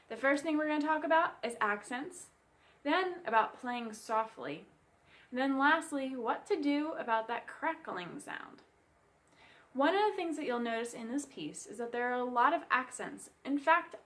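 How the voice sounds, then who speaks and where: High-voiced woman teaching bassoon. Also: a bit bright. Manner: clear, friendly explanatory teaching. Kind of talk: instructional music lesson.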